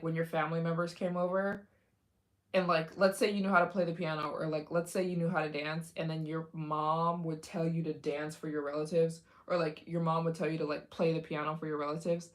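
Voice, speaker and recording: A woman's voice: low-pitched, fairly even intonation, moderate pace. A young adult woman hosting a casual livestream, chatting with viewers in a rambling way with many fillers and restarts. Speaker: livestream host.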